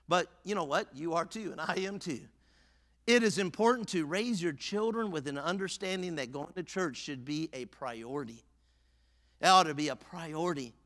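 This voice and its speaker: A man's voice: fairly high pitch, a bit bright, long reverb tail. A man preaching a fervent sermon as pastor in a church, now and then acting out the imagined voices of his listeners. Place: church sanctuary.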